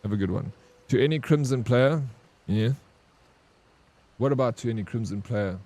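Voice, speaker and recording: A gaming streamer with a medium-pitched, darkish voice and a moderate pace provides casual, chatty commentary. He swears freely, calls his viewers bro, and responds to chat messages.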